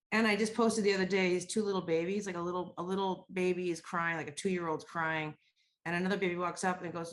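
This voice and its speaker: Female podcast co-host, slightly low voice, candid and foul-mouthed. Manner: candid, swears freely. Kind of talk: casual podcast chat.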